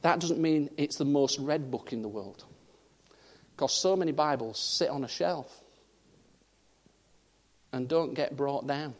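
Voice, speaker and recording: A man from the north of England preaching a sermon and telling a personal story, his voice swinging from loud, high emphasis down to quiet asides. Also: measured pace, long pauses. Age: 30s. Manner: animated storytelling, voice rising and dropping for emphasis. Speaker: pastor.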